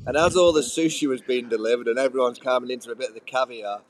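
A man's voice: mid-range voice, quick pace, hardly any pauses. Guy on a podcast, rambling through a long story, plain mid voice. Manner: rambling anecdotal, listing details with fillers. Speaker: co-host, former cricketer.

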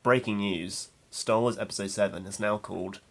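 A man co-hosting a casual film podcast, speaking bluntly and deadpan, with casual swearing. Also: fairly low pitch, normal speed. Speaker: podcast co-host.

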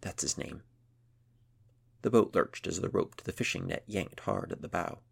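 A man narrating a children's adventure story in a measured storytelling manner. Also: sits low, vocal fry, breathy edge. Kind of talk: scripted narration.

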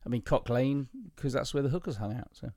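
A man's voice: mid-range voice, a little fast. A man co-hosting a podcast in casual chat, eagerly sharing trivia and laughing as he goes. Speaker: podcast co-host.

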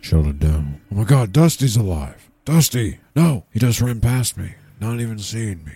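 A bumbling, self-important townsman rambles in a panicky, excitable way, as a man acts him out. His voice is low, gravelly and husky, with a dark tone. This is improvised comedy. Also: normal speed, dry recording.

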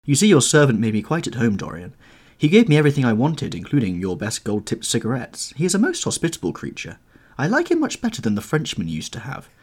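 A grave, earnest painter, voiced by a male audiobook reader, pressing his case with pleading urgency. The reader pitches him higher than his narrating voice, with a husky grain and a lively, swooping delivery. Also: fast talker. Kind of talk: audiobook character reading.

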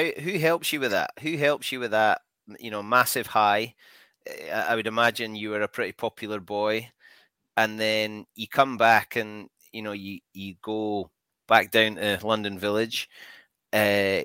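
A man's voice: lowish voice, bright, forceful tone, clean tone, no echo. A male interviewer asking probing questions in an easy, conversational way. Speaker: interviewer and host.

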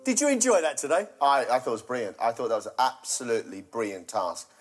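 A man's voice: mid-range voice, expressive, fast, breathy edge, pitched below the performer's own voice. A man doing a clumsy mock-Australian TV chef. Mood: gushing. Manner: overdone, clumsy impression. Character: male TV chef talking about a cooking task.

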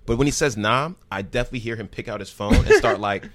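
Speaking quickly in a fairly low voice with no room sound, this podcast guest from New Jersey chats through casual stories. He gets animated, performing the dialogue of each person he quotes.

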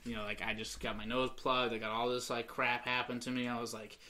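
Fast-talking bright young man. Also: mid-range voice. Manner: rambling, animated storyteller, many fillers. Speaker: podcast host. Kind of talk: casual chat, storytelling.

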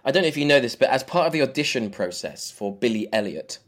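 A man's voice: medium pitch, sing-song, fast talker. Jokey man co-hosting a podcast. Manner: jokey, rambling recap with fillers. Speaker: podcast co-host. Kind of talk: casual podcast chat.

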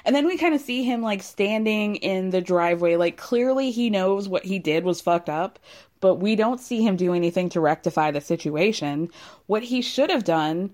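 A woman's voice: medium pitch, expressive, moderate pace, a little mellow. Profane, exasperated young woman ranting. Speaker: reality TV recapper. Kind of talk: casual recap.

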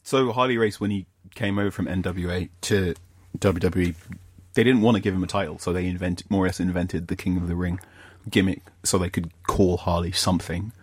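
A male podcast co-host with a low, husky voice, recorded close and dry. He tells stories loosely, rambles into side notes and laughs easily. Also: fairly even intonation, fairly quick, no room sound. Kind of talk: casual wrestling review chat.

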